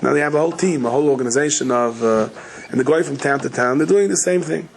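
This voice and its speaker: A middle-aged man giving a sermon as a rabbi, telling stories in a rapid, chatty, joking way. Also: a little high, creaky, a little hiss or hum, rough recording. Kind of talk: sermon with humorous storytelling.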